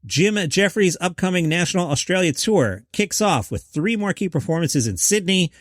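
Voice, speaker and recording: A man's voice: sits high, animated, moderate pace, dry recording, studio quality. A man hosting a comedy news podcast, reading headlines with jokey asides. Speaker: podcast host.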